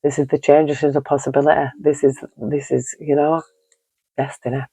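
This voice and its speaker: A man's voice: a little high, little pitch movement, brisk, gravelly, mellow, slightly rough, dry recording, poor audio. A man giving an earnest, encouraging tarot card reading, rambling and repeating himself often. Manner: rambling and repetitive, leaning on "you know". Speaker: tarot reader.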